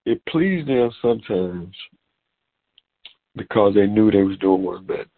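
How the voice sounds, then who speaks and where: A middle-aged man preaching a sermon over a phone call, animated and repeating words as he goes. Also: lowish voice, unhurried. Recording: tinny phone-line sound.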